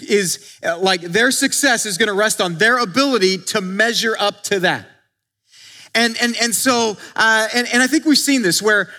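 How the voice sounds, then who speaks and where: A man's voice: high-pitched, pushed and bright. A male pastor preaching a conversational sermon, acting out quotes and often restarting his sentences.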